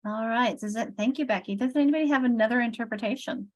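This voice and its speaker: Woman, literacy trainer, fairly high voice, thinks aloud, restarts sentences, video call. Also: fast, darkish tone. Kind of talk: instructional training session.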